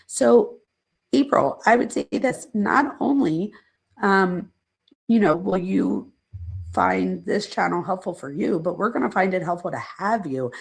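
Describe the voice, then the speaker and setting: A woman's voice: mid-range voice, creaky, husky. A middle-aged woman, a psychologist, chatting casually on a live stream, reading viewer comments aloud and rambling off on side points.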